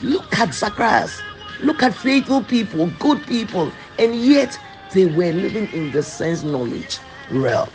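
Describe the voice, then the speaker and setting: A man preaching a sermon, slow and emphatic, repeating phrases for weight. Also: high-pitched, very animated, soft background music, poor audio.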